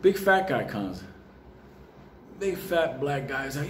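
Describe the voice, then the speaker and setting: Profane New storyteller, animated. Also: male voice, mid-range voice, slow pace, long pauses, slight background noise. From New York. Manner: profane, animated, laughs often. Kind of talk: comic storytelling. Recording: roomy with faint ambience.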